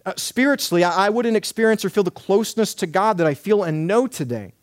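A man's voice: high-pitched, expressive, quick pace, no room sound, clean studio sound. A man in his thirties preaching a sermon, earnest and emphatic, building points through repeated lists. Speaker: pastor.

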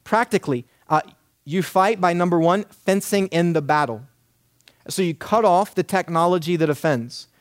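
Earnest man preaching, slightly high voice. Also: normal speed, dry recording, studio quality. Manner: earnest, emphatic preaching with repeated lists. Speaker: pastor. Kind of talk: sermon.

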